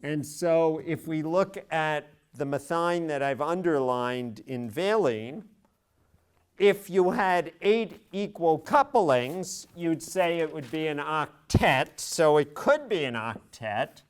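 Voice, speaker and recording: Middle-aged guy teaching a college class, slow and careful, clean smooth voice, leans on key words. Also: a little high, animated. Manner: methodical, spells out each step. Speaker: university chemistry professor. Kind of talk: classroom lecture.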